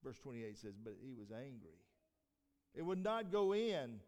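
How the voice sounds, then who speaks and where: A man preaching a sermon who repeats and restarts his phrases, rises to emphatic peaks, then trails off low. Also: big pitch swings, measured pace, darkish tone. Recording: long hall reverb.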